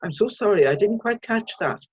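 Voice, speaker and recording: A woman's voice: mid-range voice, lively intonation, moderate pace, a little mellow, slightly rough, dry recording, muffled recording, pitched above the performer's own voice. A woman voicing a nervous, elegant older man on the run, with a posh northern Irish accent and a polite, clipped way of speaking. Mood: guarded.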